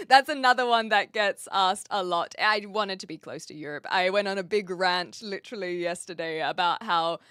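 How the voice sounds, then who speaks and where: A woman's voice: mid-range voice, moderate pace, hardly any pauses, a bit bright, clean tone, no echo, clean studio sound. A woman from New Zealand with a New Zealand accent, chatting casually on her live stream while she sets up a chat bot and thinks aloud. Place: home room with brick walls.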